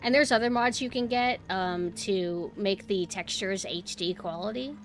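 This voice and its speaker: A woman livestreaming a game, talking straight to her viewers in a casual, chatty way. Her voice sits a little high and sounds bright and forward. She drops to a quiet murmur one moment and gets loud the next, with faint game music underneath. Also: measured pace. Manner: swings between quiet murmuring and loud exclaiming; chatty, talks to chat directly. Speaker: streamer. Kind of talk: casual gameplay livestream chat.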